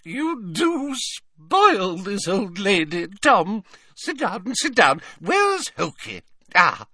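A man's voice: high voice, wildly swooping pitch, drawn-out words, bright, forceful tone, breathy edge, dry recording, clean studio sound, pitched above the performer's own voice, exaggerated voice. Man putting on a simpering old rich lady. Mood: coy gushing. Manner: simpering, coy, gushing.

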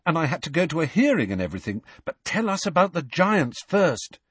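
A man's voice: a little high, sing-song, brisk, husky, no room sound, pitched above the performer's own voice. A man voicing a determined teenage schoolboy who persists and talks directly. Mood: persistent.

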